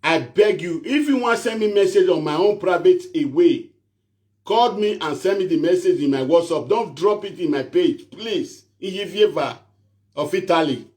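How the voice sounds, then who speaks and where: A man's voice: high-pitched, expressive, moderate pace, a little mellow. A man speaking Nigerian Pidgin-accented English, ranting to his online followers as a self-styled prophet, repetitive and pleading. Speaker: social media prophet and show host. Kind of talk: animated rant to camera.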